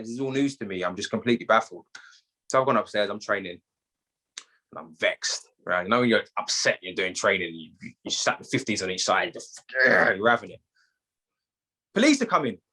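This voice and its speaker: A British man with a London accent tells a personal story as a podcast guest, animated and full of street slang. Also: lowish voice, fairly quick. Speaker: guest, gym owner.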